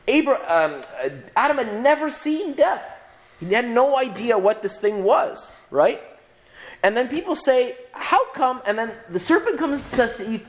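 Animated priest teaching scripture. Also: male voice, very high-pitched, normal speed. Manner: animated, chatty, frequent "right?" asides and restarts. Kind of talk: conversational Bible teaching.

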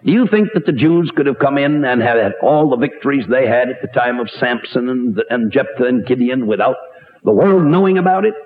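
Older male radio preacher, mid-pitched, animated, rhetorical questions, tinny narrow-band recording. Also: a little fast. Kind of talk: radio sermon.

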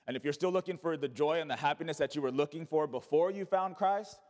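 Male pastor, sermon delivery, high pitch, call-and-response with the congregation, reverberant hall. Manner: preaching with call-and-response and rhetorical questions.

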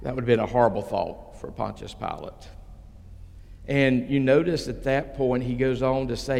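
A man preaching a sermon as pastor, retelling a story slowly and dramatically with voiced quotes. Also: medium pitch, creaky, darkish tone, in a large hall.

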